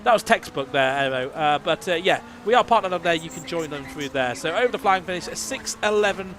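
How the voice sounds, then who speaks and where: A fairly high-voiced man calls a live sim rally stream. He talks loosely, with plenty of fillers as he follows the cars. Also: lively intonation, brisk, a bit bright. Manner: chatty, thinks aloud with fillers. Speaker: rally commentator. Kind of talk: live esports commentary.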